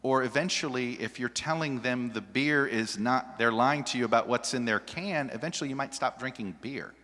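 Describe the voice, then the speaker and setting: A television journalist speaking on a panel, animated and often restarting his sentences. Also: medium pitch, moderate pace. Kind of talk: panel discussion. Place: large hall with an audience. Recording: long reverb of a large hall.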